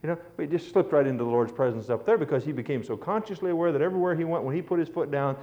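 A man preaching a sermon in a mellow, slightly high voice. He tells it earnestly and lifts his voice for emphasis. The recording is dull and lo-fi. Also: rapid-fire. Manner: earnest storytelling, rising for emphasis.

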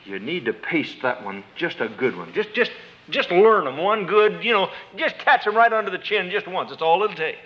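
A preacher voicing a sly male devil who tempts a listener, in a low coaxing tone. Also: animated, moderate pace. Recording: dull lo-fi sermon tape.

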